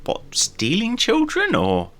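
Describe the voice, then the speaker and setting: A man playing a tabletop game, talking in a playful, halting way with restarts. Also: high voice, wildly swooping pitch, a bit bright. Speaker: player.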